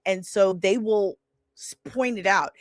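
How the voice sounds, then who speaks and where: A woman in her forties tells a story in a slow, deliberate way, leaning hard on her words with indignation. She has a mid-range voice, and the recording is close and dry. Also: mid-range voice, no room sound. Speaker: salon owner. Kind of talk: casual storytelling.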